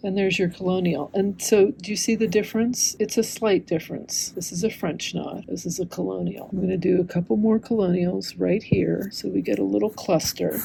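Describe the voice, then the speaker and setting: A woman's voice: medium pitch, fairly even intonation, moderate pace, gravelly, few pauses, warm tone, slight background noise, low-quality recording. A woman teaching hand embroidery in a casual, chatty way, drifting into asides as she stitches. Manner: chatty, rambling asides while demonstrating.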